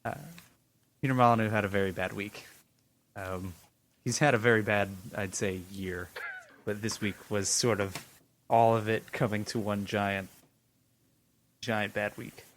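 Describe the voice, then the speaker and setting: Low-voiced man rambling on a podcast. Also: steady tone, a little slow, long pauses, a bit bright, a little hiss or hum, low-quality recording. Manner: rambling, many fillers and restarts. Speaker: podcast co-host. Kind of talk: casual chat.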